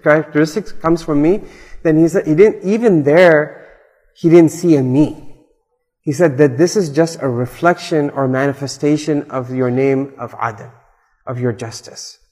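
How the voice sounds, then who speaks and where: A man's voice: fairly high pitch, normal speed, dark tone. A man gives a conversational religious lecture, mixing Arabic terms into his English and checking in with "right?". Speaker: Islamic speaker. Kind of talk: religious lecture explaining a supplication. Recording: hall reverb.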